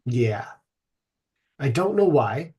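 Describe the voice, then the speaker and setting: A man hosting a podcast, retelling an ancient myth in a rambling, irreverent way, swearing and filling pauses with ums. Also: mid-range voice, sing-song, darkish tone, dull audio. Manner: rambling, irreverent, profane, many fillers. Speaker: podcast host.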